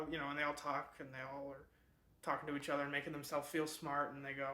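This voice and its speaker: Man, book club host, casual summary, bright tense voice, slightly high, echoey room. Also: level tone, fast talker. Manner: rambling, lots of fillers and restarts.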